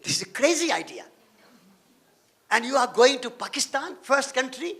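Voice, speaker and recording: A man's voice: very high voice, very animated, normal speed, a bit bright, heavily acted. A man quoting a worried woman friend who anxiously warns him. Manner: urgent, anxious warnings.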